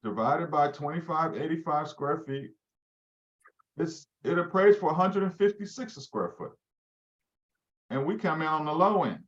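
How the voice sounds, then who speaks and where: His voice on the high side and expressive, a real estate team leader trains agents live at a moderate pace, pausing often and testing listeners with questions. The recording has its highs cut off.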